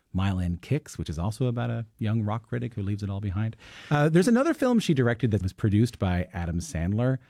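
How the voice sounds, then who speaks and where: Male radio host: low, warm voice, easygoing, dry mic. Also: no echo. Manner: relaxed, conversational, with some stumbles. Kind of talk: radio interview.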